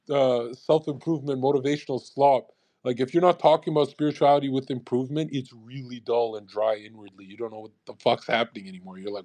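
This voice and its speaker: A man's voice: mid-range voice, fairly quick, warm tone. A young man ranting on a live audio stream, profane and sarcastic, speeding up in bursts and laughing at his own jokes.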